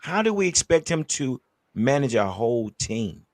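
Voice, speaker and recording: Lively-voiced man pressing a question. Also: mid-range voice, normal speed, crowd noise. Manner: pointed, questioning. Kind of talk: casual sports talk show.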